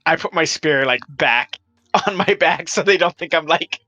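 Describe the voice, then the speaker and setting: Bright player on a dull, dry mic. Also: medium pitch, normal speed, no echo, soft background music. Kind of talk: casual table talk.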